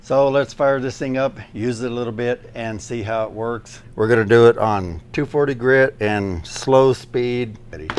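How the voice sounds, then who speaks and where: A man's voice: medium pitch, normal speed, few pauses, smooth. A man demonstrating a drywall sander indoors, casually walking through practical, step-by-step pointers as a DIY YouTuber.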